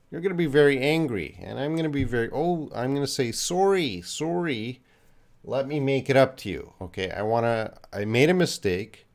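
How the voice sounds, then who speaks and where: Patient Canadian male English teacher. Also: lowish voice. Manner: patient, explains slowly with examples and fillers. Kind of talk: live-stream English lesson, answering questions.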